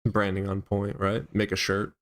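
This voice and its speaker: A man's voice: lowish voice, completely flat delivery, normal speed. A man hosting a livestream in a casual, provocative, crude way. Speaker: livestream host.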